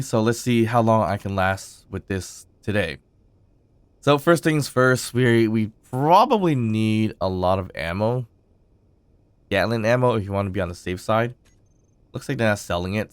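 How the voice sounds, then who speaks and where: Low, smooth-voiced man narrating gameplay. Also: normal speed, dry recording. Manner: relaxed, thinking aloud with frequent fillers. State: recovering from illness, voice still rough. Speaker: gaming channel host. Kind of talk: casual gameplay commentary.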